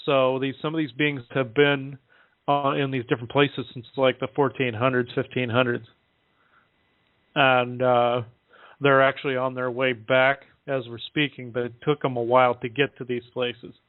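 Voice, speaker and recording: A man talking casually on a call-in show, halting often with fillers as he relays what he is told. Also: mid-range voice, level tone, no echo. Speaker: guest relaying contact reports. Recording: dry tinny phone line.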